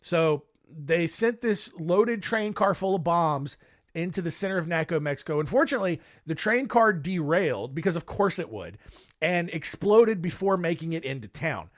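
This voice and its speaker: A man's voice: on the high side, expressive, moderate pace. A man hosting a casual history podcast, jokey and rambling, with many filler words. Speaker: podcast host.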